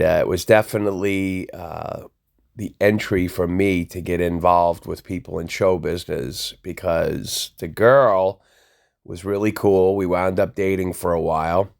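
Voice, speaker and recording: Deep gravelly New storyteller man. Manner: animated anecdote, acts out quoted voices. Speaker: DJ telling a personal story. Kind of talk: casual storytelling.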